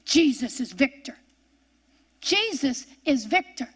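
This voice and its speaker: Older woman, preacher, very high voice, fervent, repeats refrains. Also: very animated, slow pace, husky. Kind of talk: sermon.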